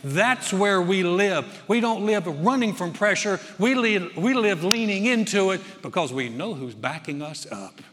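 A man preaching a sermon as pastor, swinging from loud emphatic surges down to quiet, soft-spoken stretches. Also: high voice, expressive, a little slow, few pauses, a little hiss or hum. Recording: long hall reverb.

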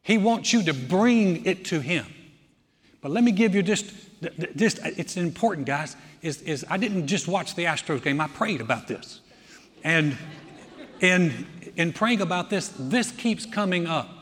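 Male pastor, high voice, conversational sermon rising to fervor, long hall reverb. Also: lively intonation, measured pace, breathy edge. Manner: conversational preaching that builds to loud fervor.

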